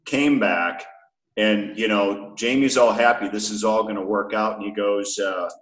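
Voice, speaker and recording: A man's voice: lowish voice, steady tone, a little slow. A man who is a podcast guest, telling a teasing anecdote in a wry way and acting out the dialogue. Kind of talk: casual storytelling. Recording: echoey room.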